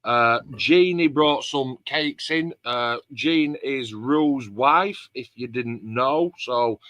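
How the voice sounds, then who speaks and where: Middle-aged guy yakking about his club, bright voice, dry sound. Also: mid-range voice, slow, no echo, lo-fi sound. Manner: chatty storyteller, acts out conversations with dialect words. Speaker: club host. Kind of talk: casual chat.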